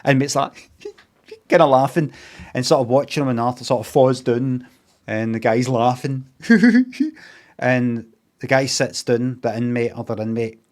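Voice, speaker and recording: A man's voice: medium pitch, level tone, moderate pace, a little mellow. A man with a Scottish accent recapping a film in a casual, rambling way, swearing freely and filling gaps with ums and asides. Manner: sweary, meandering, with lots of fillers and asides. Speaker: streamer reviewing a film.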